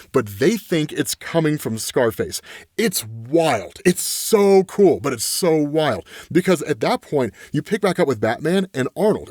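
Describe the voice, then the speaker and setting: A man's voice: fairly high pitch, no room sound, clean studio sound. A man casually retelling a comic book story, acting out the characters' lines and often tagging sentences with "right?". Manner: animated storyteller, acting out quotes, filler "right?".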